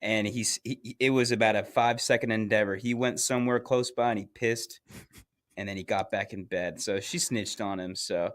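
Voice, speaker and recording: A young man co-hosting a podcast, telling a crude college anecdote in relaxed, profane casual chat. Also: lowish voice, brisk. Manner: relaxed, swearing, chiming in with his own anecdote. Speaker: podcast co-host.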